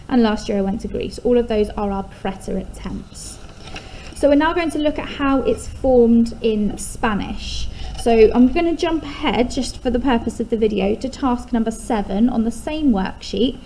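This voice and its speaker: English teacher lady talking thru a lesson slowly, bit high voice, faint hiss behind. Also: mellow, rough recording. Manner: patient, explains step by step, stresses key syllables. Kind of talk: recorded lesson walkthrough.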